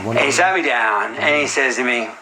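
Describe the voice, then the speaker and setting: A man's voice: mid-range voice, lively intonation, normal speed, roomy sound, background noise, natural voice. An actor playing a pushy, rambling film director who keeps coaching another man in a comedy scene. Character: pushy fast-talking male film director.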